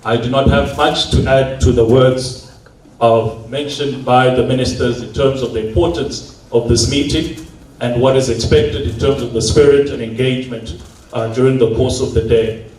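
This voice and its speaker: A man from Zimbabwe, a football development official, giving a formal address in a measured way with some hesitations. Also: medium pitch, fairly even intonation, a little mellow. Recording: echoey hall, distant mic, faint hum.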